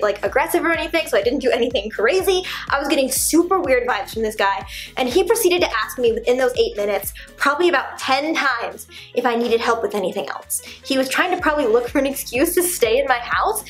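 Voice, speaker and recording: A young woman vlogger telling a dramatic story at home with lots of "like," recorded on an on-camera shotgun mic. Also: high-pitched. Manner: animated, heavy use of "like," dramatic retelling. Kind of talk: storytelling vlog.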